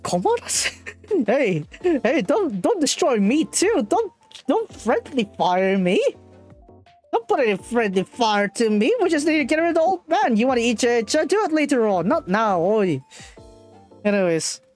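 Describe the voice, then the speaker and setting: A woman streamer reading and translating a visual novel live in a playful, animated way. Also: a little high, measured pace, soft background music. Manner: playful, animated, laughs often.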